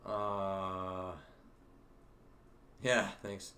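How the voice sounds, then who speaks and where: A young man with a fairly low voice hosts a casual livestream. He talks in a rambling, halting way, full of fillers and restarts, and chuckles at his own jokes. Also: level tone, sharp tone, a little hiss or hum. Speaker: livestream host. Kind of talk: casual storytelling to a livestream chat.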